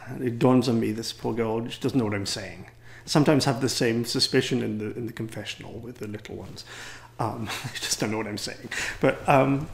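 A man's voice: mid-range voice, brisk, gravelly. A man with an English accent, a priest and teacher, giving a wry, rambling, self-deprecating talk to a gathering. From England.

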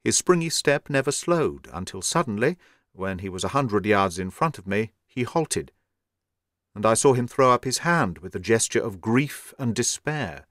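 Steady male audiobook narrator in a dry, close recording. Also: fairly low pitch, normal speed, no room sound.

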